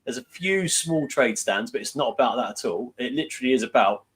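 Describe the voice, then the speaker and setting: A man's voice: mid-range voice, animated, brisk, a bit bright, husky. A British man, a guest on an online panel, chatting in a rambling, hesitant way. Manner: rambling, hesitant, lots of restarts. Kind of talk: casual panel chat.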